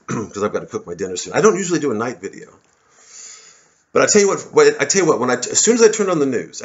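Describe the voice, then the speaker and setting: A man's voice: medium pitch, a bit bright, muffled recording. A man in his forties in a casual, rambling monologue, full of swearing and restarts. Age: 40s. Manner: rambling, profane, many restarts. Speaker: comedian vlogger.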